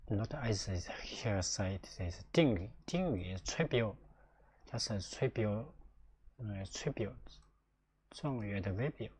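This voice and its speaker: Slow, halting Chinese-accented male teacher. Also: fairly low pitch, expressive, a little mellow, husky. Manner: halting, with many fillers and restarts. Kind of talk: casual spoken lesson.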